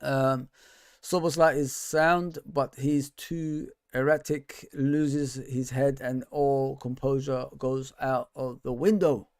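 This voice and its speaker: A man hosts a fan show, venting in frustrated bursts whose pitch climbs sharply when he gets worked up. His talk is casual, full of slang like bro and man, and he often reads out viewer comments. The sound is dry and close, with no room echo. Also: steady tone, slow pace, darkish tone. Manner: frustrated, exasperated ranting with rising pitch. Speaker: host.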